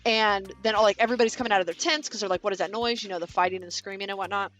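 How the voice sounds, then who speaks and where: A woman's voice: mid-range voice, steady tone, racing, fairly bright tone, soft background music. A woman in her thirties from Kansas, chatting casually with viewers and telling a long rambling story with lots of fillers and casual swearing. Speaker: vlogger. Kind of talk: casual chat while building.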